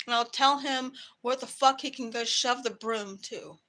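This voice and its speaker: A woman's voice: a little high, fairly even intonation, normal speed, pushed and bright. A woman vlogger ranting to camera in a heated, profane way about her work. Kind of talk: angry personal rant to camera.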